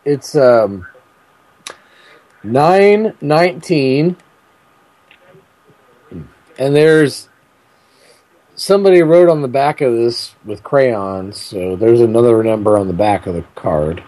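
A man making a prank phone call, rambling and crude in a deadpan way. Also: mid-range voice, unhurried, dry recording. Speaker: prank caller.

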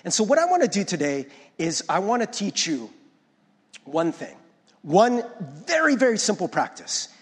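A man's voice: high voice, huge pitch swings, moderate pace, slightly rough, big-room sound. A male pastor preaching a conversational sermon, often checking in with the congregation and restarting his words. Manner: restarts and stumbles over words.

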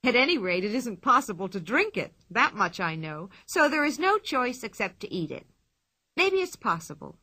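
A woman's voice: on the high side, sing-song, moderate pace, pushed and bright, heavily acted. A woman voicing a wild, cheerful, boastful girl who talks playful nonsense as plain fact, in a storybook reading. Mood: gleeful.

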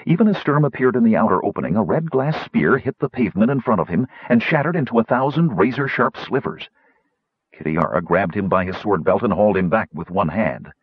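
A man reading a fantasy novel aloud in measured storytelling narration. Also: on the low side, expressive, husky, no room sound, muffled recording. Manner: measured storytelling, shifting into character voices. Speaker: audiobook narrator.

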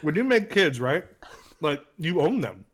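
A young man on a casual podcast, deadpan and trolling with blunt contrarian remarks. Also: on the high side, unhurried, breathy edge. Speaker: podcast co-host.

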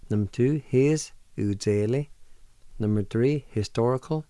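A man hosting a radio language lesson who patiently spells words out letter by letter and sounds out each syllable, gently encouraging learners not to give up. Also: mid-range voice, normal speed, no room sound. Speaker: radio host teaching language.

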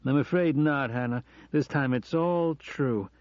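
Earnest American professor confessing, self-deprecating, as a male reader plays him, mellow, dry, audiobook. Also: medium pitch, unhurried, no echo, lo-fi sound, voice pushed up, natural voice. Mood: pleading. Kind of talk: audiobook reading.

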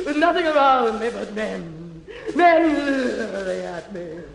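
A woman doing an impression of a grand, theatrical stage actress with a languid, drawn-out manner in a 1940s radio comedy. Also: medium pitch, big pitch swings, vocal fry, echoey room, full character voice, rough recording. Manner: languid, drawn-out "darling" drama.

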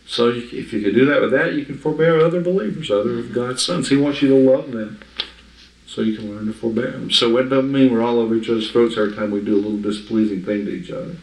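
A man's voice: medium pitch, fast talker, a little mellow. A man giving informal Bible teaching to a small group, talking in a conversational, emphatic way and often checking that his listeners understand. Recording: echoey room, mic from afar.

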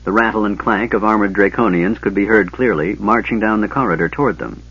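Low, husky-voiced man narrating. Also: a little fast, lo-fi sound. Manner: steady storytelling. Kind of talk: scripted narration.

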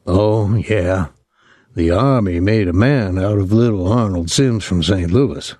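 A man playing a drawling young soldier, soft and lazy. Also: low-pitched, slow, no room sound, studio quality. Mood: soft ironic. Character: lazy-voiced young male soldier from Saint Louis.

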